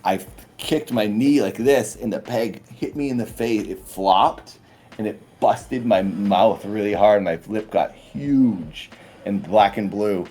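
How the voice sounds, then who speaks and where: A man's voice: lowish voice, unhurried, slightly rough. A man, a guest comedian, telling rambling stories in casual podcast chat. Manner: rambling, animated storytelling.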